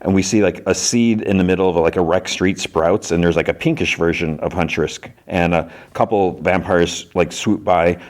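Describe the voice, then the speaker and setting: A man's voice: low voice, fairly even intonation, normal speed, hardly any pauses. A man hosting a podcast, casually recapping an episode in a rambling way full of fillers. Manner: rambling, heavy use of "like". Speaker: podcast host.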